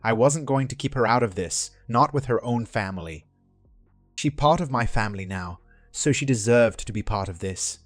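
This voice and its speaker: A man narrating a first-person relationship drama in a steady scripted read. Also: mid-range voice, normal speed, dry recording, soft background music.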